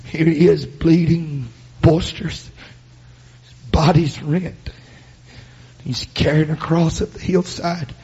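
A man preaching a sermon, building into loud shouted, chanted passages. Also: fairly high pitch, steady tone, slow, pauses often, husky, highs cut off.

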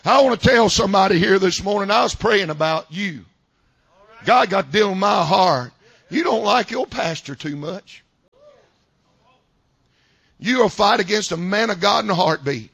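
High, bright preacher man. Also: lively intonation, moderate pace, vocal fry, pauses often, breathy edge, no room sound. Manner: folksy preaching, swings from loud shouted climaxes to quiet asides. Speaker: pastor. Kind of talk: sermon. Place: church service.

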